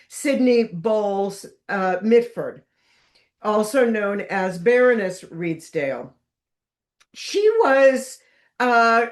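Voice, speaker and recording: Slow, wry woman giving a slide lecture. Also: on the high side. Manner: lively, wry storytelling with emphatic stresses. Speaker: author giving a book talk.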